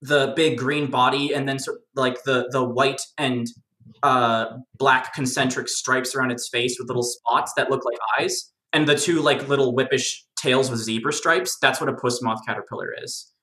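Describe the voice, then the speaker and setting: A speaker in a relaxed lore chat, bright-toned and animated, circling back with fillers and restarts. There is a roomy echo around the voice. The manner is jokey and eager. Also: medium pitch, moderate pace. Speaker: guest lore explainer. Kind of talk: casual discussion.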